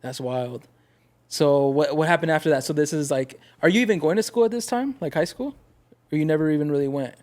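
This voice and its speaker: Male podcast host, a touch high-pitched, quiet listener, relaxed slang. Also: a little fast. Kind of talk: casual interview.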